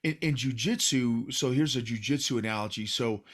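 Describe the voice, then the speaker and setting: A man hosts a podcast in a relaxed, chatty way, his voice at an average pitch. He often trips over repeated words before he finds his point, and he drops in "bro" and "dude" as he talks. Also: moderate pace. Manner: casual, repetitive restarts, calls guest "bro" and "dude". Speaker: podcast host. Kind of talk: casual conversation.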